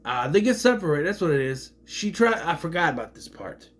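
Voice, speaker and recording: A man casually recapping a movie, rambling with fillers and slipping into quick voice impressions. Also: on the high side, sing-song.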